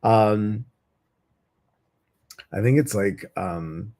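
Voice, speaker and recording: A man's voice: fairly low pitch, drawn-out words, warm tone. A man hosting a meditation group, talking casually and rambling with many fillers. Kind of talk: casual chat to a live audience.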